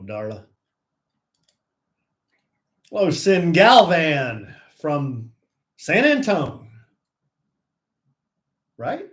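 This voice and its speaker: A middle-aged man co-hosting a live stream, greeting viewers by name and teasing his co-host in casual banter. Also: mid-range voice. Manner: playful, teasing, lively banter.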